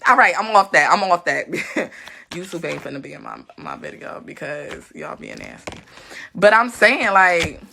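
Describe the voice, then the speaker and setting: Woman, tarot reader, low-pitched, bright tone, profane and chatty, casual reading to viewers. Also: huge pitch swings, measured pace, gravelly, slight background noise. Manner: chatty, blunt and profane, laughs often.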